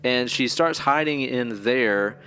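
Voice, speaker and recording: A man's voice: mid-range voice, takes it slowly, pushed and bright, slight background noise. A man co-hosting a podcast, recapping a movie in rambling casual chat, swearing freely and filling with "like" and "kinda". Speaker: podcast co-host.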